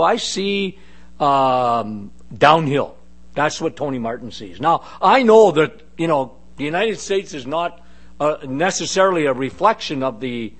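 A man preaching a sermon, emphatic and fervent, repeating phrases for weight and turning to the congregation with chatty asides. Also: a little high. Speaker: pastor.

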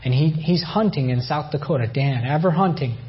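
A man's voice: fairly high pitch, brisk, highs cut off. A man from Iran giving a personal faith testimony, telling his story with emotion and repeated phrases. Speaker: testimony speaker.

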